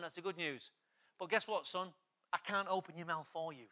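A male pastor, preaching an urgent, exhorting sermon that builds to loud, emphatic passages. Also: high-pitched, normal speed.

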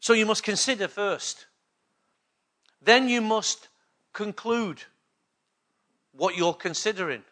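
A man's voice: high-pitched, takes it slowly, pauses often, bright, forceful tone. A man preaching a sermon as pastor of his church, emphatic and repetitive, often checking in with the congregation. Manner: emphatic preaching with repeated call-and-response questions.

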